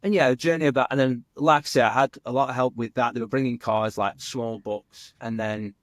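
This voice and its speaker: A man's voice: mid-range voice, fairly even intonation, fairly quick, no room sound, clean studio sound. A young man, a firefighter guest on a podcast, talking candidly in a casual way, full of fillers and "mate". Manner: chatty, many fillers, says "mate" often.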